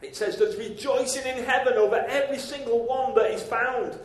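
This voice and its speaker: A pastor with a very high voice preaches at a normal speed, keeping things conversational and asking his congregation questions. It's recorded in a church hall with plenty of echo.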